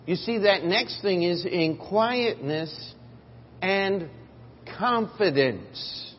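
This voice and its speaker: A man preaching a sermon in a church, telling a story and moving between quiet, drawn-out phrases and loud, emphatic bursts. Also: high-pitched, animated, a little hiss or hum. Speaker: pastor. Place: church sanctuary. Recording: dull audio in a reverberant hall.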